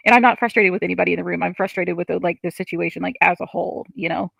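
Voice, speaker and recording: A frustrated woman venting on her livestream between chat comments, with a heavily gravelly, fry-laden voice. Her tone is bright and tense, and she swears freely. The sound is dry and close. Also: on the low side, very fast, hardly any pauses, dry recording. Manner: frustrated, ranting, swears often.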